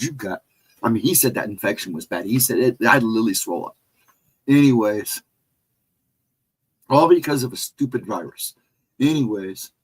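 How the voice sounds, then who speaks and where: A man's voice: medium pitch, breathy edge, rough recording. A middle-aged man telling a spooky personal story in casual talk. He rambles, restarts his sentences and retraces every turn of the way step by step. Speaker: guest storyteller on a paranormal talk show.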